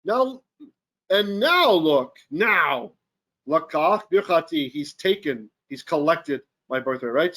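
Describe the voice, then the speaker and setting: A man teaching a Torah lesson in an animated, jokey way, often checking in with his listeners. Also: fairly high pitch, a little slow. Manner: animated, jokey teaching with frequent "right?" asides. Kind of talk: live-streamed Bible lesson. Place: Philippines.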